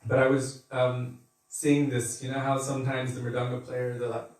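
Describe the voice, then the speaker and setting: A man leads a devotional scripture class in a loose, conversational way, often laughing and acting out the people he quotes. His voice sits at a medium pitch and comes from well away from the mic, washed in heavy room echo. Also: level tone, moderate pace. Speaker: spiritual teacher giving a class. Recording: echoey room, mic far off.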